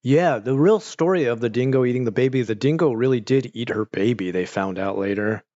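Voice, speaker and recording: A man talks loosely to his livestream viewers from his couch at home, cursing freely and circling his points with endless "like"s and half-started sentences. His voice sits at an ordinary middle pitch. The sound is a little muffled and very dry. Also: fairly quick, a little mellow, dry recording. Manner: rambling, profane, full of "like" and restarts. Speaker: streamer chatting with viewers. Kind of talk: casual livestream chat. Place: at home on a couch with a pet nearby.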